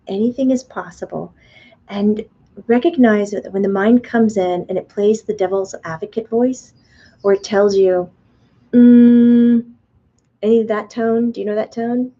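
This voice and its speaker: Woman host, live web class, chatty and animated, mellow tone, dull lo-fi sound. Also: medium pitch, normal speed. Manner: animated, chatty, playfully acts out the mind's voice. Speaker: spiritual teacher and medium. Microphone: webcam or computer mic on a video stream.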